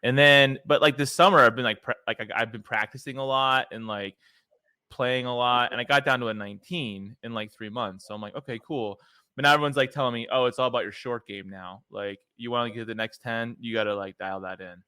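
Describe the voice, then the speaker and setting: A man's voice: mid-range voice, fairly even intonation, a little fast, pushed and bright, clear, resonant tone, dry recording. A man hosting a podcast, talking loosely and casually with lots of filler words. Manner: loose and chatty, many "like" fillers. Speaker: podcast host. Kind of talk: casual interview chat.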